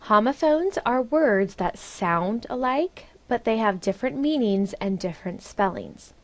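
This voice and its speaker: A woman teacher explaining a topic clearly in a recorded video lesson. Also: fairly high pitch, expressive, unhurried.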